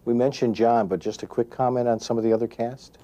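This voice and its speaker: Mellow-voiced chatty male interviewer. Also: mid-range voice, steady tone, fairly quick. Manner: chatty, leading questions. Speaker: entertainment interviewer. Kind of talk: friendly press interview.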